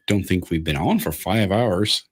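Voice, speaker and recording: A man's voice: sits low, a little slow, breathy edge. A man hosting a live podcast, chatting casually and reading out viewer messages. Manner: animated, reads super chats. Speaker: livestream podcast host.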